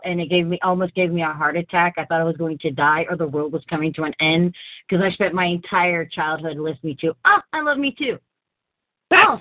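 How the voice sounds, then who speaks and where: A woman's voice: lowish voice, dry recording. A woman hosting a casual online talk show, laughing often and poking fun at herself. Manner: laughs often, self-mocking. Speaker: podcast host. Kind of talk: casual chat. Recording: tinny phone-like sound.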